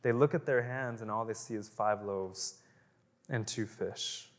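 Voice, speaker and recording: A man preaching a conversational sermon, animated, often laughing and acting out the voices of the people in his story. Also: lowish voice, a little slow, long reverb tail. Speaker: pastor.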